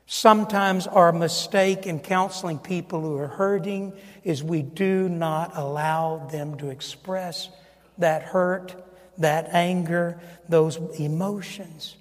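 An older male pastor with a high-pitched voice preaches a sermon. He swings between loud, booming emphasis and quiet, almost whispered asides. The sound rings with the long reverb of a large church hall. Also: steady tone, slow. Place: church sanctuary.

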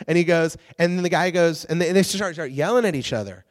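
Animated, chatty preacher man in echoing hall. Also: a little high, fast. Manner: animated and chatty, with frequent restarts and "okay?" check-ins. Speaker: preacher teaching a Bible lesson. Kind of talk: casual, conversational Bible teaching. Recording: long reverb in a large hall.

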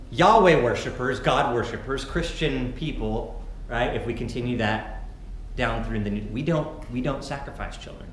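A male pastor preaching a sermon and reading scripture dramatically, moving between loud calls and hushed narration. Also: mid-range voice. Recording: very echoey hall, faint background noise.

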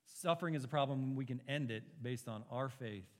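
A man's voice: medium pitch, brisk, long reverb tail. A man preaching an expository sermon as a pastor, earnest and emphatic, pushing his rhetorical questions upward.

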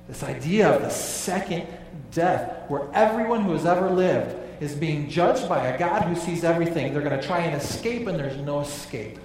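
Male pastor, slightly high voice, emphatic sermon delivery with low hushed drops; long-reverb church hall, mic at a distance. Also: animated, normal speed, hardly any pauses, a little hiss or hum. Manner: emphatic, drops low and quiet on key phrases.

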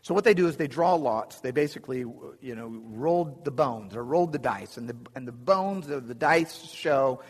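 A man's voice: medium pitch, lively intonation, normal speed, hardly any pauses, husky. A man preaching a conversational sermon from slides, with chuckling asides and frequent restarts. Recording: long reverb of a hall.

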